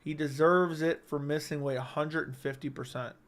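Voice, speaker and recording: A man's voice: fairly high pitch, fairly even intonation, moderate pace. A young man hosting a casual livestream, telling stories animatedly with frequent swearing and "right?" asides. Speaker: livestream host.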